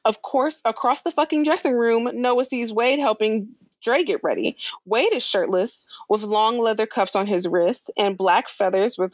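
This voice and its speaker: A woman's voice: medium pitch, no echo, highs cut off. Laid-back woman recapping, dry sound. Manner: laid-back, swears casually, laughs often. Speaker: podcast co-host recapping a show. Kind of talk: casual recap chat.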